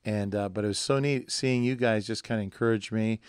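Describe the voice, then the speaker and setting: A man's voice: on the low side, brisk, clean tone, no room sound, clean studio sound. A pastor talking in a rambling, joking way on a conversation podcast, acting out the people he quotes. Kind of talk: casual conversation. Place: studio.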